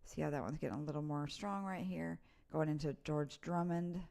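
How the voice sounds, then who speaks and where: A woman's voice: low-pitched, fairly even intonation, moderate pace, gravelly, dark tone. A woman giving a casual live severe weather update, chatty and informal as she walks through radar warnings. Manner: chatty and informal, reading place names off radar. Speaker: weather presenter.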